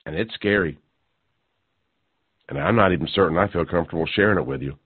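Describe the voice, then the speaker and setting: A man's voice: deep voice, brisk, breathy edge, dry recording. A male radio talk show host delivering a sarcastic, mocking monologue that builds to incredulous outbursts. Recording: tinny phone-like dry sound.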